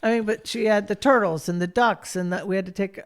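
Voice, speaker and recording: A woman's voice: medium pitch, a little fast. A middle-aged woman talking casually as a guest, chatty and laughing often as she speaks. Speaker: guest, real estate broker. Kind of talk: casual conversation.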